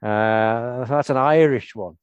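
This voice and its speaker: A man's voice: medium pitch, slow, clean tone, dry recording, dull audio. An older man hosting a podcast in casual chat, rambling with restarts and laughing often. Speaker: podcast host.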